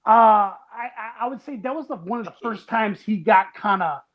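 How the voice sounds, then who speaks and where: A man co-hosting a casual movie podcast, animated and quick to laugh as he acts out scenes. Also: sits high, highs cut off. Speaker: podcast co-host.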